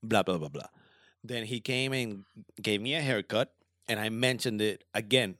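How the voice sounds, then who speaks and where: A man's voice: on the low side, normal speed, fairly bright tone, no room sound, studio quality. A man hosting a podcast, earnestly retelling events step by step in casual talk. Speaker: podcast host.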